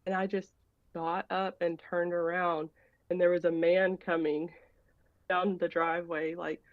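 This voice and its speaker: A woman's voice: fairly low pitch, flat delivery, measured pace, dry recording. A woman on a video call tells a rambling, hesitant story to ask a question. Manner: rambling, hesitant, many fillers and restarts. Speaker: caller asking a question. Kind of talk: casual personal story. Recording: dull, dry, lo-fi call audio.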